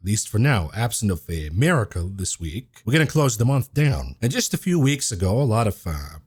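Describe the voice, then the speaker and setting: A man's voice: on the low side, very animated, fairly quick, breathy edge. A man hosting his own market commentary show, blunt and sarcastic, talking straight to his viewers as folks. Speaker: host of a market commentary channel.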